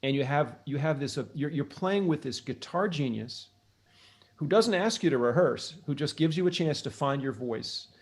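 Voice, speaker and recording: A man's voice: fairly high pitch, animated, moderate pace. A middle-aged man from the United States, a guest on an interview show, telling long reflective stories with many restarts. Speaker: interview guest, blues harmonica player and author. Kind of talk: casual interview storytelling.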